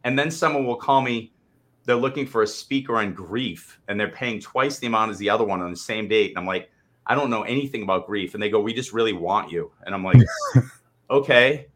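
A man co-hosting a live chat show, a motivational speaker telling animated stories and swearing freely. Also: lowish voice, brisk. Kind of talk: casual livestream chat.

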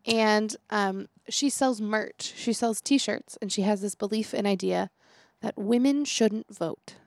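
Taking her time, a young woman with a mid-range, darkish voice co-hosts a casual podcast in studio quality with no room sound. She teaches for a living and spins chatty stories, performing quotes and laughing a lot.

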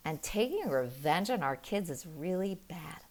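A middle-aged woman and mother explaining parenting in an earnest, animated way, telling stories with quick laughs. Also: lowish voice. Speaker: parenting guest. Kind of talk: conversational explaining.

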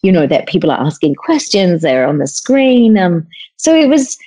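A woman chatting as a podcast guest over a video call. Her voice is mellow and warm, and she tells stories in an expressive, chatty way. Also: fairly low pitch, normal speed, poor audio. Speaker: guest cook and author.

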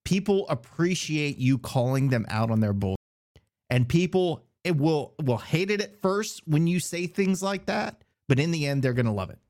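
A man's voice: on the high side, expressive, moderate pace, a little mellow. A man speaking bluntly and emphatically in a casual postgame podcast chat.

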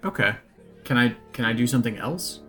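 A man's voice: mid-range voice, animated, fairly quick, a bit bright. A man describes his tabletop character's actions, groping for words and padding them with fillers. Faint music sits underneath. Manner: searching for words, fillers like "like" and "you know". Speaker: player. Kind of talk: casual tabletop play.

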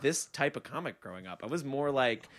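A man's voice: medium pitch, lively intonation, fairly quick, fairly bright tone. A young man from Pennsylvania, a comedian guest, riffing goofily in casual podcast banter. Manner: goofy riffing, slips into silly bits.

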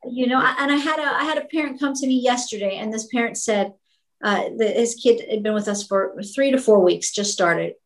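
A woman's voice: a little high, brisk, poor audio. A woman who owns a school answers interview questions with passion, speaking emphatically and repeating words when she gets fired up. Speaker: school owner.

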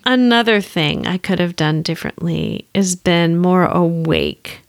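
A woman's voice: on the low side, a little slow, no echo. A woman counselor telling a candid personal story and reflecting on what she could have done differently.

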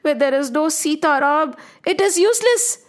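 A woman's voice: sits high, expressive, normal speed. A woman voicing an earnest, devoted monkey god. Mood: anguished.

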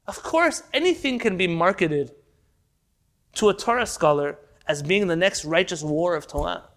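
A man teaching a Torah class in an impassioned lecture, swinging from loud rhetorical questions to quiet, intense pleas. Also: high voice, animated, normal speed.

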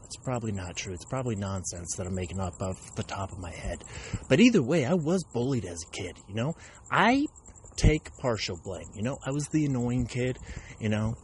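A man's voice: mid-range voice, a little mellow, slight background noise. A man in his thirties, a stand-up comedian hosting his podcast, rambling through a comic monologue in a self-described aggressive tone, often correcting himself. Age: 30s.

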